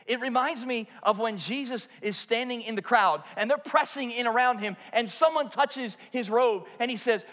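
High-voiced preaching man in a reverberant hall. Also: normal speed, few pauses. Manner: dramatic, swings from loud to hushed. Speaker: pastor. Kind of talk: sermon.

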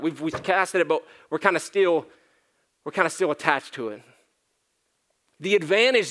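Man preaching with emphatic swells and hushes. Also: on the high side. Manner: conversational preaching with emphatic rises and hushed drops. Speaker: pastor. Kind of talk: sermon. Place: church.

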